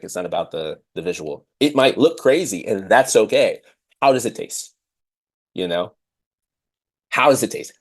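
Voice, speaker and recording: A man in his thirties co-hosting a dance podcast, talking in a reflective, casual way with many fillers and lively quoted asides. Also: lowish voice. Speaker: podcast host. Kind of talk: casual conversational chat.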